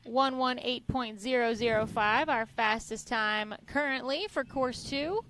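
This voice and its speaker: A woman from Tennessee co-commentating a live off-road race, bubbly, with quick asides. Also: on the high side, fairly bright tone, a little hiss or hum.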